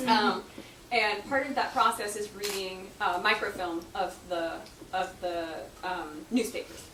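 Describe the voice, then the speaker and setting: A woman author answering audience questions in casual talk, chatty and quick to laugh, with many fillers. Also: medium pitch, steady tone, fairly bright tone. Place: book event room. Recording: echoey room, distant mic, noisy.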